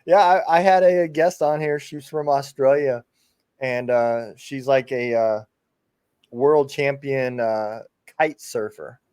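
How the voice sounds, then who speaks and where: A man's voice: mid-range voice, takes it slowly, a little mellow, smooth, no room sound, studio quality. A man hosting a podcast, chatting casually and easily agreeing with his guest. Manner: easygoing, agreeable listener. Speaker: podcast host. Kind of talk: casual interview chat.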